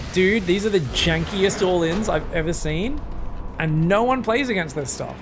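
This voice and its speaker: A young man casting a strategy game match alone, excitable and crude, swearing freely and joking between plays. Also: high voice. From Australia. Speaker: esports caster. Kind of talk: solo game commentary.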